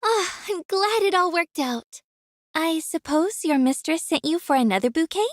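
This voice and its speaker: A woman's voice: very high voice, animated, normal speed, no echo, studio quality. A young woman voicing a kind florist in a game, friendly and chatty with her customers. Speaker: florist shopkeeper. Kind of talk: game voice acting.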